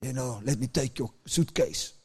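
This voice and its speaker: South African man voicing a humble driver, deep and polite, storytelling sermon. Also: moderate pace, warm tone, husky, natural voice.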